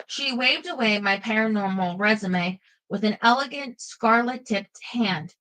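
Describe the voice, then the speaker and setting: Bright-voiced woman narrating an audiobook. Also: mid-range voice, measured pace, hardly any pauses, poor audio. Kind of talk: first-person audiobook narration.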